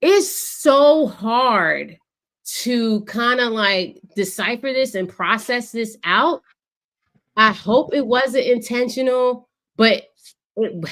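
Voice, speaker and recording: Animated, profane woman talking sports. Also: mid-range voice. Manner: animated, profane, acts out what players said. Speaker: podcast co-host. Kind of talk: casual sports chat.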